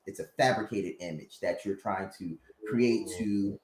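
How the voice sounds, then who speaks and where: A man with a low voice co-hosts a podcast. He tells a reflective story in casual, relaxed talk, and his voice echoes off the room around him. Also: measured pace. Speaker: podcast co-host.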